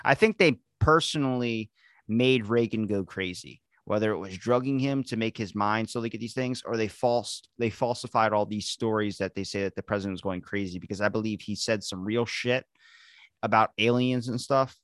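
A man's voice: on the low side, normal speed, no room sound, studio quality. A man hosting a podcast, rambling and joking crudely in casual chat. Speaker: podcast host.

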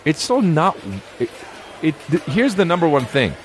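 A man's voice: fairly high pitch, very animated, normal speed, a little hiss or hum. A man riffing in a casual comedic monologue, rambling and profane, breaking into silly put-on voices. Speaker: comedian podcast host.

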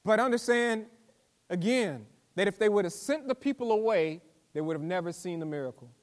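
A man preaching a sermon as pastor, folksy and emphatic, with asides to the congregation that build to forceful emphasis. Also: high voice, expressive, brisk. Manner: preaching with call-and-response asides and rising emphatic delivery; folksy vernacular speech.

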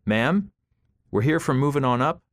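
A man reading the part of a calm, practical woman mover, polite and matter-of-fact. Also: medium pitch, normal speed, pitched above the performer's own voice, natural voice.

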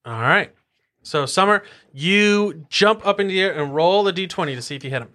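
A woman's voice: lowish voice, lively intonation, a little fast, fairly bright tone. A woman running a family tabletop game as game master, narrating the action in a playful, encouraging way.

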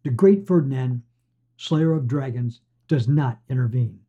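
Husky, mellow male storyteller. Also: mid-range voice, a little slow. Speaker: podcast host and reader. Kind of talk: reading fiction aloud. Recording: dull lo-fi recording.

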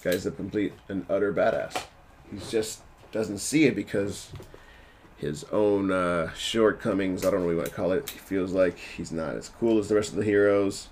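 Man, very low voice, casual rambling recap, self-deprecating asides. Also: moderate pace, a little mellow, a little hiss or hum. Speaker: TV episode recapper.

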